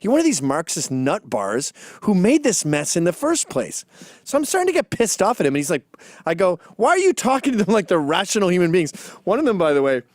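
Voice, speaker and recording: A man's voice: high voice, fairly quick, no room sound, clean studio sound. A man telling a profane, mocking story about a disrupted talk and imitating his hecklers. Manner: animated, mocking, mimics chants. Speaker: commentator.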